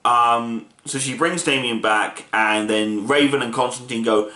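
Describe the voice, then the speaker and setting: A man's voice: mid-range voice, unhurried, hardly any pauses, sharp tone. Enthusiastic man reviewing a film, roomy sound. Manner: enthusiastic, rambling retelling with restarts. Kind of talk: casual film review, retelling the plot. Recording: roomy echo.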